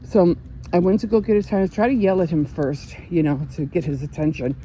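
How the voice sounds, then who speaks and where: A woman's voice: fairly low pitch, expressive, a little fast, dark tone, a little hiss or hum. An older woman chatting casually in a vlog, telling stories with frequent laughs and restarts. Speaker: vlogger. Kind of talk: casual chat.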